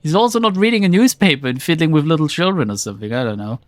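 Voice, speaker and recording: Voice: mid-range voice, lively intonation, very fast, no echo. A streamer giving casual let's play commentary in an exasperated, sarcastic tone, often swearing.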